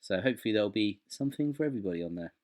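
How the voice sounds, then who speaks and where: Enthusiastic man, low voice. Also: lively intonation, racing, a little mellow. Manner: enthusiastic, rambling. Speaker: podcast co-host. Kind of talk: casual chat.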